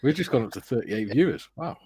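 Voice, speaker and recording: A husky man with a phlegmy chest from a recent flu reads viewer comments aloud on a livestream. His voice rises and falls a lot as he chats and laughs. The sound is dry and close. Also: medium pitch, animated, fast talker, mellow, no room sound. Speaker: co-host reading viewer chat. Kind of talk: casual chat on a livestream.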